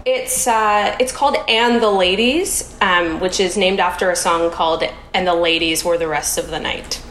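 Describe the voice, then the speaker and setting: A woman's voice: fairly low pitch, normal speed, a bit bright. A woman guest on a podcast, speaking thoughtfully with some hesitation. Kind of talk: casual interview talk. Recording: echoey room with faint noise.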